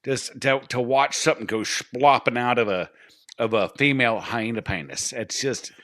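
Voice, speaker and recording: Bright-voiced crude podcast host man. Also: mid-range voice, moderate pace. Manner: crude, blunt humor. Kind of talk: casual podcast chat.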